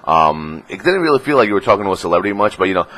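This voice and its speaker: Low husky-voiced excitable guy. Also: very fast. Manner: excitable, profane, acts out quotes in a high voice. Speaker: gaming vlogger. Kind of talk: casual vlog storytelling.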